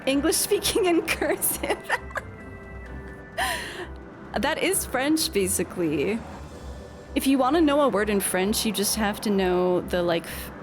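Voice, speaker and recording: A young woman chats casually while she streams a game, drifting into rambling, self-deprecating asides. Her voice sits at a middling pitch. Game music plays clearly behind her. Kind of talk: casual gameplay chat, reading game dialogue aloud.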